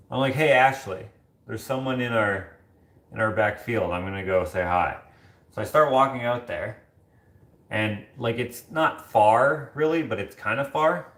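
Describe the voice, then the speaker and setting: Low-voiced man rambling in an echoey room. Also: a bit bright. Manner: rambling, chatty storytelling with many fillers. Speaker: livestream host reading chat. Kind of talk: casual chat.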